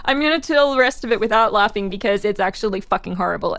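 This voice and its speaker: A woman's voice: medium pitch, animated, fast, few pauses, a bit bright, no room sound. A woman co-hosting a casual podcast, telling a story and reading a news article aloud, cursing and reacting as she reads. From Philadelphia area. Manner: laughs easily, curses, reacts aloud to what she reads. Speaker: podcast co-host.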